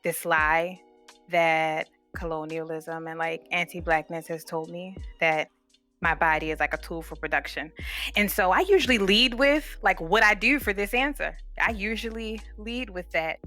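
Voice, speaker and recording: A woman's voice: lowish voice, pushed and bright. A woman from Baltimore in her thirties, talking casually and thoughtfully as a podcast guest, full of "like" fillers. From Baltimore, United States. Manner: thoughtful, leans heavily on "like" fillers. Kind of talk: casual reflective conversation.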